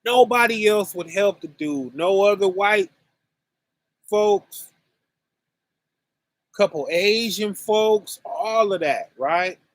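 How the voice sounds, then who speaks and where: A man hosting a religious online conference, teaching scripture casually and speaking slowly and deliberately to his chat viewers, often asking "right?". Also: high voice, expressive, dry recording. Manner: slow and deliberate, addressing chat viewers directly; conversational, with frequent "right?" and "you know".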